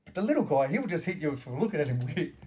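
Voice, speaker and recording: A man's voice: on the high side, big pitch swings, very fast, a little mellow, slight background noise. A middle-aged Australian man, a former fighter, telling door stories in casual interview talk and swearing freely. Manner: swears freely, acts out quarrels in anecdotes. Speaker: guest, former fighter and bouncer.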